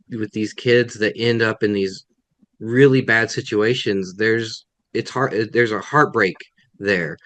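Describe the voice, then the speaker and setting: Low-voiced man answering reflectively. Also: a bit bright, dry recording. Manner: thoughtful, self-correcting, many restarts. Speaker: guest author. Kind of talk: webinar Q&A answers.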